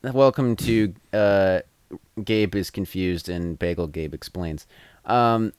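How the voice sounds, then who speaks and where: A man co-hosting a podcast in casual chat, wry and dry, often trailing off quietly. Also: deep voice, slow, smooth, no echo. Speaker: podcast co-host.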